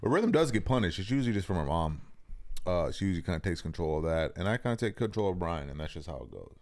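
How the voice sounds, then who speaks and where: A young man with a very deep, low voice, chatting bluntly on a podcast. He swears freely and leans hard on his words. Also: very animated, fast talker, darkish tone. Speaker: podcast co-host. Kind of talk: casual podcast chat.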